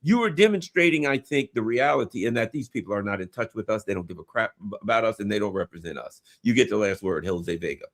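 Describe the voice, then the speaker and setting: Animated middle-aged male political host. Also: on the low side, quick pace, hardly any pauses. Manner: animated storyteller, acts out quotes. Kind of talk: political commentary chat. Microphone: remote stream call.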